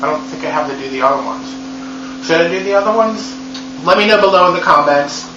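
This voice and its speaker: A man's voice: on the high side, fast talker. Profane, sarcastic man reviewing a movie. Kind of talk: comedic movie recap. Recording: echoey room, dull lo-fi sound with hum.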